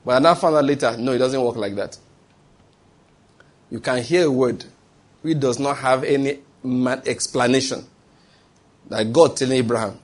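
Husky-voiced male preacher, emphatic. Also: medium pitch, normal speed, pauses often. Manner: emphatic, asks the congregation questions and answers them. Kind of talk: sermon.

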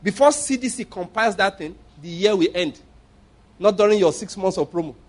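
A man's voice: sits high, lively intonation, a little fast. A man preaching a sermon as a pastor, emphatic, repeating phrases and firing rhetorical questions at his listeners.

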